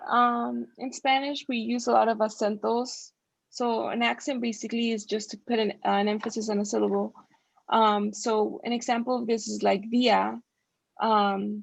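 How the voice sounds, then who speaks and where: A young woman leads a casual online Spanish lesson over a video call, her voice gravelly with some vocal fry. She leans on "like" and "um" as she talks, and the sound is dry and close. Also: a little high, no room sound. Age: young adult. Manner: many fillers like "like" and "um". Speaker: student Spanish tutor.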